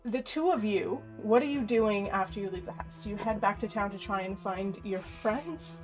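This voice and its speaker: A woman's voice: mid-range voice, normal speed, soft background music, rough recording. A woman running a tabletop game as game master, narrating in a loose way with many fillers.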